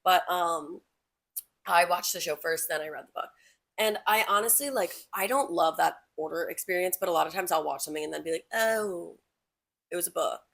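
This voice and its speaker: Young female podcast co-host, lower register, rambling casual delivery full of fillers. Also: brisk, vocal fry, fairly bright tone. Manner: chatty, many "like" fillers, thinks aloud. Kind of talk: casual chat.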